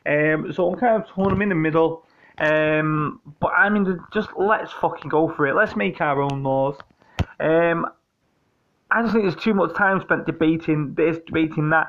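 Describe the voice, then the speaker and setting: A British man talks off the cuff to his listeners in a fairly high voice, swearing often and wandering from point to point. He jokes and restarts his sentences as he goes. The recording sounds muffled and lo-fi. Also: expressive, normal speed. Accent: British English. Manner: profane, joking, meandering, with frequent restarts. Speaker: podcast host answering listener questions. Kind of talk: casual rambling monologue.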